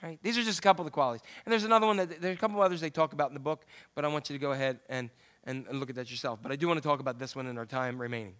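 A man preaching a sermon in a loose, conversational way, reading scripture and turning questions back to his listeners. His voice is high and bright. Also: fairly even intonation, rapid-fire. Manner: conversational, asks the audience questions.

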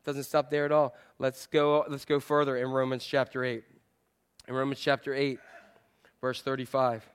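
A male pastor preaching a sermon in a church, animated and playful, repeating phrases to drive a point home. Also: medium pitch, normal speed, clean tone.

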